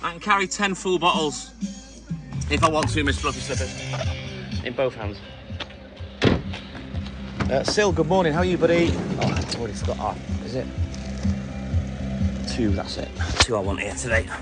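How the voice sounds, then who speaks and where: A man's voice: mid-range voice, lively intonation, normal speed, pauses often. A middle-aged man on his milk round, chatting casually with live-stream viewers and greeting them by name. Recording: music playing loudly behind.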